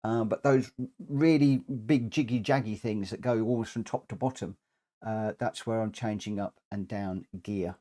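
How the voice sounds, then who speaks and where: A man with a medium-pitched, dark voice gives live commentary while streaming a racing game. He rambles with plenty of ums, sounds a little out of breath, and coughs every so often.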